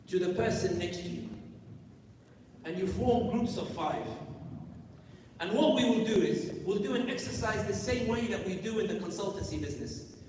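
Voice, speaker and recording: A man's voice: high voice, a little mellow, far from the mic, slight background noise. Emphatic man speaking in an echoey hall. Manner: emphatic, rhetorical questions, crowd-directing. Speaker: speaker at a youth conference. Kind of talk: live public talk. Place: large conference hall.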